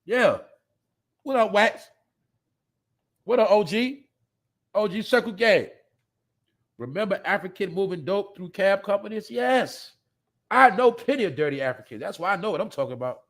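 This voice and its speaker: A man's voice: high voice, lively intonation, moderate pace, pauses often, a bit bright. A man hosting a live show, ranting bluntly and profanely in a rambling way, often laughing. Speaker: podcast host. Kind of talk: casual live-stream rant.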